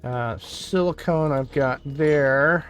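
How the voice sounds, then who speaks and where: A man's voice: mid-range voice, slow, clear, resonant tone, faint music behind. A man from New York State chatting casually on a live game stream, rambling and thinking aloud as he plays. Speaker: gaming streamer. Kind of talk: casual live-stream chat while playing.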